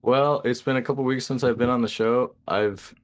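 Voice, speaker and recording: A man's voice: medium pitch, fairly even intonation, moderate pace. A man calling in, talking in a laid-back, hesitant way. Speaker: caller.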